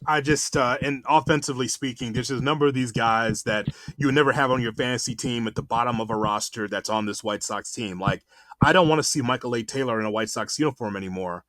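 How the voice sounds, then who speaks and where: A man's voice: mid-range voice, fast talker, a bit bright, no echo. A man co-hosting a sports podcast, ranting in a fired-up way and swearing in casual chat. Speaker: podcast co-host.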